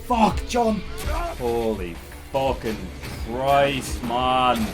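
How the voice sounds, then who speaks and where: A man giving live reaction commentary, swearing often and crying out in excitement. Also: medium pitch, drawn-out words, music in the background. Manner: swears a lot, cries out in excitement. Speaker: video reactor.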